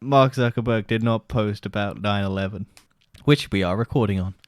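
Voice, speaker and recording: A man's voice: lowish voice, moderate pace, dry recording, clean studio sound. A man co-hosting a podcast in casual chat, blunt and scoffing, swearing freely. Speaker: podcast co-host.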